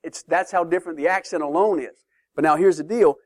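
A man teaching a sermon-style Bible lesson to a class, emphatic and lively, often checking in with questions. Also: on the high side, fairly quick, dry recording, studio quality.

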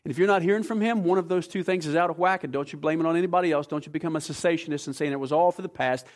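A man preaching a sermon as pastor, emphatic, swinging between hushed, slow passages and forceful ones. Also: fairly high pitch.

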